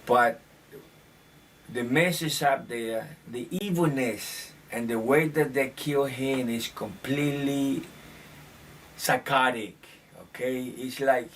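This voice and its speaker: Talking slowly in a medium-pitched, somewhat bright voice, a man offers a loose, opinionated monologue on recent events, stumbling into filler restarts. A distant mic picks him up along with faint room ambience and slight background noise.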